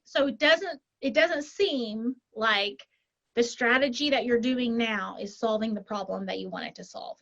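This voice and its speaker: A woman life coach talking as a podcast guest, animated, walking through example scenarios and checking in with frequent tag questions. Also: on the high side, rough recording. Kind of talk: conversational interview.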